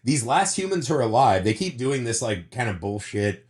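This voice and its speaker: A man's voice: mid-range voice, big pitch swings, normal speed. A man co-hosting a podcast, ranting about a movie in casual, profane chat and sore from surgery wounds. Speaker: podcast co-host.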